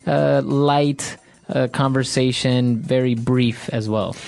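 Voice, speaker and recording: A man's voice: mid-range voice, steady tone, slow, gravelly, darkish tone. A man from Ecuador co-hosting an English lesson, affirming and explaining phrases. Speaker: co-host, English teacher.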